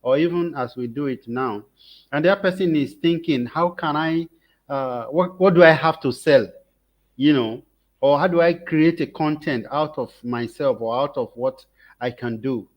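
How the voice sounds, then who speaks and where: A man hosts a casual interview in a somewhat high voice, feeling his way through loose questions. The recording sounds dull and lo-fi. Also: a little slow. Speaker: host. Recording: muffled lo-fi sound.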